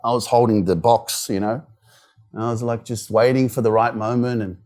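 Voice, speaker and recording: A man's voice: mid-range voice, steady tone, moderate pace, a little mellow. Australian man telling a personal story. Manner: candid storytelling, frequent "like" and "you know" fillers. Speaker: motivational speaker. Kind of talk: live motivational talk. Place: wellness centre event room.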